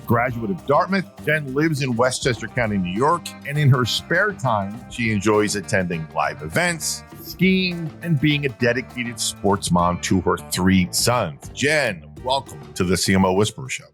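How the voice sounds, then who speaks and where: A man's voice: mid-range voice, a bit bright. A man from Philadelphia hosting a marketing podcast, reading an upbeat intro and then chatting with a guest in an emphatic, joking way. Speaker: podcast host. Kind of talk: scripted intro then casual interview.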